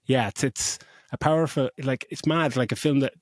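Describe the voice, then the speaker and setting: This casual movie-review chat features a middle-aged podcast co-host with a medium-pitched voice at a normal pace. Effusive and freely profane, he retells the film animatedly, in studio-quality audio with no room sound.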